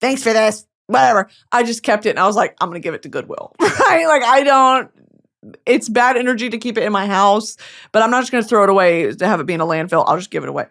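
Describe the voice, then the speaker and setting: A woman's voice: fairly high pitch, quick pace, a bit bright. A young woman, hosting a podcast in a casual comedic monologue full of swearing and dramatic asides. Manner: chatty, swearing, dramatic asides, mock voices. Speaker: podcast host.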